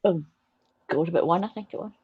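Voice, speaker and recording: A woman's voice: fairly low pitch, fast, breathy edge. A woman from Scotland hosting a casual live-stream chat in a playful, jokey way. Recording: dull lo-fi sound.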